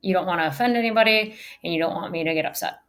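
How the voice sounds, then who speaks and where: Her voice is lowish and a bit bright, and she talks very fast. In this recorded virtual lecture on public speaking, the woman speech teacher is emphatic and varies how she speaks to model the right way to say things.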